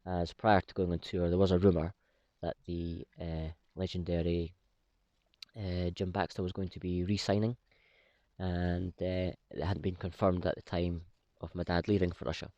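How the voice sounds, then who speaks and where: A middle-aged man hosting a pipe-smoking vlog, telling a family story in a relaxed way with many "uh" fillers. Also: low voice, normal speed, no echo, muffled recording. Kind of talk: casual storytelling. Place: woodland, outdoors.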